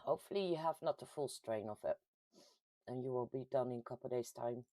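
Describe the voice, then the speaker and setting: A woman's voice: extremely low pitch, fast, warm tone, no echo. A woman with a Dutch accent hosting a casual live chat, reading out viewer comments and laughing often. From Netherlands. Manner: chatty, laughs often, reads comments aloud. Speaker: livestream host reading chat. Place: at home.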